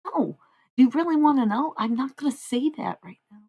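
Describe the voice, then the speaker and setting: A young woman's high-pitched, animated voice, creaky, husky and a little mellow, comes through a muffled recording at normal speed. Casually livestreaming, she talks to her chat in a rambling way, easily distracted and drifting between points.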